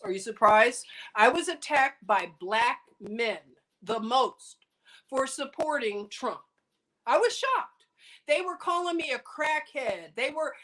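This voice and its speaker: A woman hosting a livestream, telling a story in an animated, emphatic and indignant way. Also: sits high. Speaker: livestream host. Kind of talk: casual storytelling chat.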